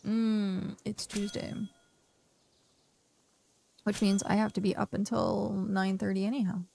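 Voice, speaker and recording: Tired, gravelly-voiced woman streamer. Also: mid-range voice, flat delivery, moderate pace, warm tone. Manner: rambling, talks to herself and chat. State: tired, yawning. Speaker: game streamer. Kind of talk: casual live-stream chat while playing.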